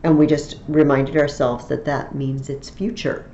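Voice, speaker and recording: A woman's voice: deep voice, little pitch movement, measured pace, few pauses, warm tone, echoey room, lo-fi sound. A woman teaching a Latin lesson in a recorded tutorial, explaining each form patiently, step by step.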